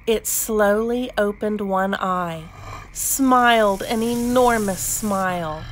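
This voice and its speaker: A woman reading a children's picture book aloud, gentle and expressive. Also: mid-range voice, slow pace, a little hiss or hum. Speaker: storybook reader. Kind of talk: children's read-aloud narration.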